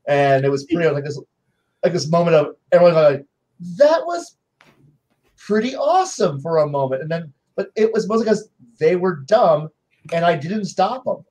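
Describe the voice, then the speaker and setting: A man on a game-master panel telling stories about his players in casual chat, acting out their lines in quick voices. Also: on the high side, darkish tone, low-quality recording.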